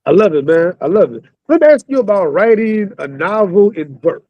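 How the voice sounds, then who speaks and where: Affirming host man with a high, dry voice. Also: very animated, moderate pace, no echo, muffled recording. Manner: affirming, short backchannel replies. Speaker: podcast host. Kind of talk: casual interview.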